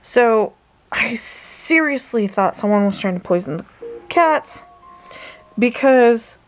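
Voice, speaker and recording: A woman's voice: on the high side, expressive, takes it slowly. A woman vlogging casually from her bed at night, rambling through a story and now and then dropping to a whisper. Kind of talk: casual bedtime vlog chat. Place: bedroom, in bed.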